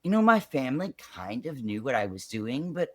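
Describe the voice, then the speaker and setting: A man's voice: medium pitch, moderate pace, no echo. A young man from Chicago, a podcast guest telling his own story in a casual, chatty way full of "like". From Chicago, USA. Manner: chatty, peppered with "like", animated retelling.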